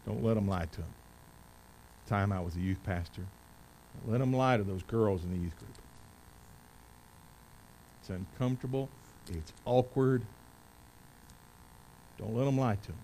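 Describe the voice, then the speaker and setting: A man in his forties preaching a sermon in a church, reading scripture loudly and with force, then telling stories in a quieter voice. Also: fairly low pitch, a little slow, long pauses, slight background noise, poor audio. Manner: rises to loud emphatic preaching when reading scripture, drops to quiet storytelling. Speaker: pastor. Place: church service.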